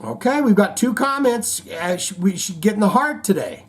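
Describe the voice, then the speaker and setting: Male host, casual chat, slightly high voice, rambling, reads viewer comments and groan-worthy jokes. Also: big pitch swings, moderate pace, hardly any pauses, slightly rough.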